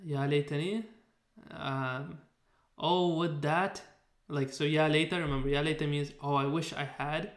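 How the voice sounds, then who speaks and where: A man with a slightly high voice teaches a recorded lesson, explaining step by step with plenty of ums and self-corrections. The sound has a roomy echo around it. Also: steady tone, normal speed. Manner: patient explaining with fillers and restarts. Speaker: Arabic teacher. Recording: echoey room.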